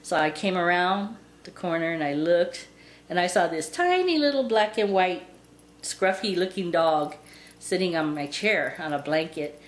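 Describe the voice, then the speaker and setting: A woman's voice: lowish voice, lively intonation, normal speed. A woman telling a long story about her pet in a casual, rambling way, with lots of "and, uh" fillers. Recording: roomy with faint background noise.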